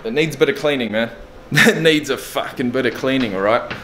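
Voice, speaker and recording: A man's voice: mid-range voice, brisk, background noise. Blunt, swearing man in his thirties. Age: 30s. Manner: blunt, candid, swears freely. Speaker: vlogger. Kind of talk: casual video diary. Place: indoors in a furnished flat.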